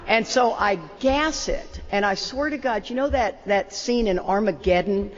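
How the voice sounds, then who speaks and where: Older woman, opening speaker, lively self-deprecating storyteller, high-pitched, echoing hall on a dull recording. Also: unhurried. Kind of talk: storytelling talk. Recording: muffled roomy hall.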